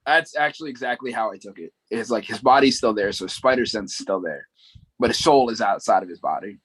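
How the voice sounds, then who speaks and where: A man's voice: lowish voice, fast, fairly bright tone, slightly rough, no room sound, rough recording. A man co-hosting a podcast, casually retelling a story with many fillers and asides. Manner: rambling plot recap with many fillers. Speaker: podcast co-host. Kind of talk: casual chat.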